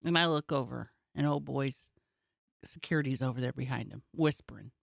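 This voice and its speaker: A woman's voice: rumbling low, moderate pace, vocal fry, no echo, clean studio sound. A woman comedian co-hosting a casual podcast, telling a story with energy and acting out the people in it. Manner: animated storytelling, acts out the people she talks about.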